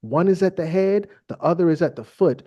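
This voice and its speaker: A man hosting a podcast, reading Bible verses aloud and riffing on them in slangy, irreverent comic asides, often halting on fillers. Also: high-pitched, lo-fi sound. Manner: irreverent, slangy, animated storytelling. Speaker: podcast host.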